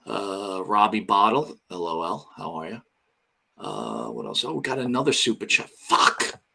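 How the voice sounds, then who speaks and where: A man's voice: lowish voice, sing-song, a little slow, vocal fry, pushed and bright, slightly rough. An older man co-hosting a casual live wrestling show. He rambles, swears freely and reads out names from the chat. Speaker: podcast co-host.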